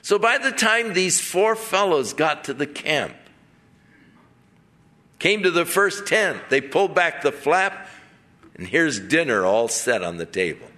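Slow, bright-voiced male preacher. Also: on the high side. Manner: animated storyteller acting out characters. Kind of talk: sermon storytelling.

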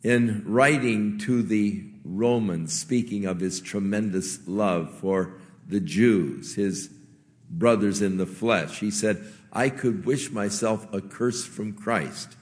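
A man preaching a sermon as a pastor, in a gentle, conversational way with earnest pauses. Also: low voice, in a large hall.

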